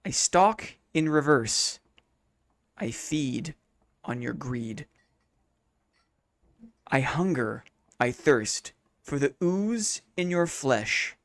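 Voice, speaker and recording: A man voicing a hungry, creeping mimic monster, reciting a riddle in a slow, hushed, low tone. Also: lively intonation, no echo, heavily acted. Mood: hushed menacing.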